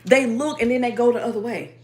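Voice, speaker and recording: A woman's voice: on the high side, fast talker, a little mellow. A woman hosting a spiritual livestream sermon, speaking in with emphatic, repetitive affirmations and profanity.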